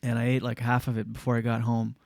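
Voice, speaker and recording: A man's voice: mid-range voice, monotone, fast, creaky, a little mellow, dry recording. A man hosting a podcast, telling a rambling, jokey story in casual chat and acting out other people's voices. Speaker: podcast host.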